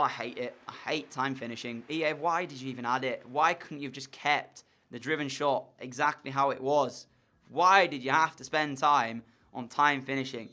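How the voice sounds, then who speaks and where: A young man giving commentary over a football video game, sliding between frustrated muttering and shouted excitement. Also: fairly high pitch. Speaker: gaming YouTuber.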